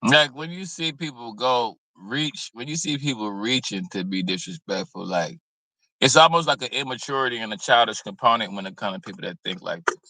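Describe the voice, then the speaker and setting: A man's voice: mid-range voice, a little fast, sharp tone, dry recording, poor audio. A man giving blunt, preachy, streetwise commentary in a casual reaction video, cursing freely. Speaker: commentary host.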